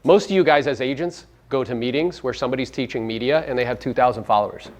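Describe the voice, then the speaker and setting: A man coaching a live audience at a seminar, brash and profane, firing rhetorical questions at the room and swinging between loud punches and low asides. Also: quick pace. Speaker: real estate coach and podcast host.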